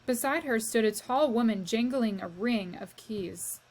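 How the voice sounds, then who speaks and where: Slow, expressive woman reading a children's novel. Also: fairly high pitch. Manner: slow, expressive storytelling that addresses the reader. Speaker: teacher reading aloud to a class.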